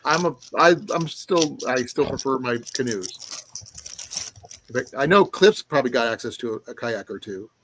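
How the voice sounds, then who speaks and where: A man's voice: medium pitch, expressive, moderate pace, fairly bright tone, slight background noise. A man co-hosting a casual podcast chat, rambling and laughing often. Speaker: co-host.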